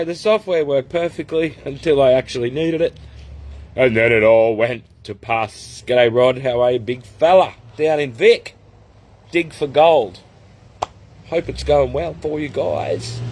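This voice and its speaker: A fairly high-voiced Australian man hosting a relaxed live stream. He chats loosely, laughs often and greets viewers by name one after another. He is sitting outdoors at the back of his house, talking into a laptop. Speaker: host. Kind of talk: casual livestream chat.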